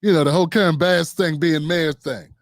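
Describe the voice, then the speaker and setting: High-pitched sarcastic male commentator. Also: fairly even intonation, fairly quick, no echo, clean studio sound. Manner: mocking, blunt, mimics people in put-on voices. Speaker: political commentary host.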